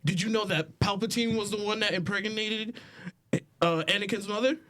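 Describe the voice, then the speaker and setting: Male co-host, slightly high voice, eager and argumentative. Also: normal speed, a bit bright. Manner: eager, argumentative, pleading his case. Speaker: podcast co-host. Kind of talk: casual chat.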